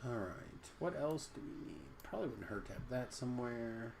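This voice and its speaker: Brief: male gamer-streamer, animated, rambling banter, keyboard clicks faintly behind. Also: mid-range voice, normal speed, vocal fry, background noise. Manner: rambling, self-deprecating. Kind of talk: casual gameplay chat.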